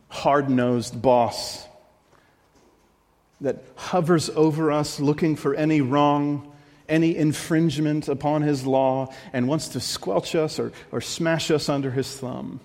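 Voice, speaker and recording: A man's voice: mid-range voice, a little mellow. Earnest male pastor preaching in a reverberant hall. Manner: earnest, confessional preaching with repeated phrases. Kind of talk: sermon.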